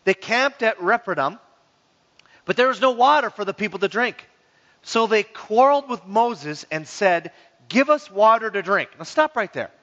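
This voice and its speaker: A man's voice: sits high, moderate pace. A man preaching a sermon as pastor, joking and acting out the people's grumbling. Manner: lively, joking, acts out grumbling voices. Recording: dull sound in a reverberant hall.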